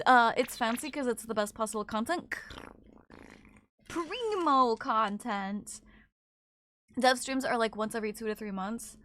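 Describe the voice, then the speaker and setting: A young adult woman streaming games, chatting casually and reading her chat aloud in quick, excited bursts. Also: fairly high pitch, a little hiss or hum. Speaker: game streamer.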